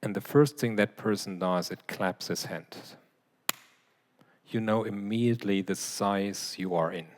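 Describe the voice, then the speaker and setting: A man with a fairly low voice answers a question during a lecture. He explains patiently and directly to the audience, speaking into a mic in a large hall. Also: measured pace, slight background noise. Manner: explanatory, demonstrating with his voice. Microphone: handheld or clip mic, briefly removed.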